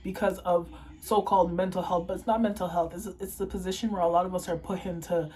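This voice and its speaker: A woman's voice: lowish voice, steady tone, fast, darkish tone, rough recording. A young woman from Toronto, Canada, tearful and impassioned, ranting and swearing in an emotional to-camera vlog monologue. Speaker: vlogger.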